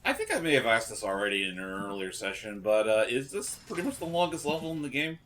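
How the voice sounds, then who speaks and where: Animated man joking along. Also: medium pitch, quick pace, slight background noise. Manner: joking, exclaiming reactions. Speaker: co-host on a game stream. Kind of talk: casual banter.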